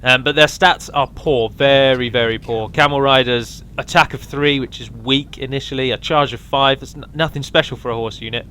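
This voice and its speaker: A man's voice: mid-range voice, fairly even intonation, normal speed, few pauses, pushed and bright, slight background noise. A man giving a casual, rambling walkthrough of a strategy game mod, with frequent ums and restarts.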